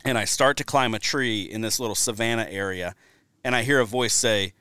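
A man hosting a casual hunting podcast, chatty and telling stories with lively asides. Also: lowish voice, fairly quick, clean tone, no room sound, clean studio sound. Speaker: podcast host.

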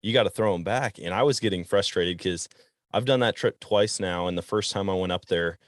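A man from Wisconsin hosting an outdoors podcast, telling fishing stories in a relaxed way and chuckling often. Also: low voice, brisk, no room sound, clean studio sound. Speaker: podcast host. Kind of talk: casual outdoors chat.

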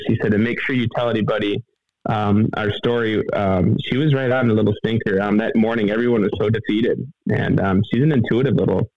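A middle-aged man telling a story in a casual interview, halting, rambling and earnest, heard over a phone line. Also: fairly low pitch, no echo. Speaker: guest telling a hunting story.

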